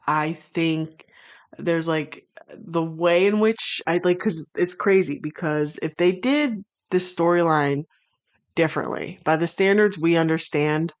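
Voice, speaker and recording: A woman with a deep, low-pitched voice streams casual commentary at an easy, drawn-out pace. Her talk is full of swearing, and it swings from loud exasperated rants to rambling, thoughtful stretches full of restarts.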